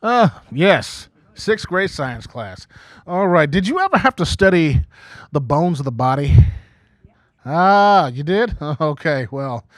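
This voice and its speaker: A man's voice: fairly high pitch, animated, measured pace, no room sound. A man over forty doing a stand-up comedy set as emcee, talking conversationally with frequent "okay?" asides and acting out quoted voices. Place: small community TV studio stage before a live audience.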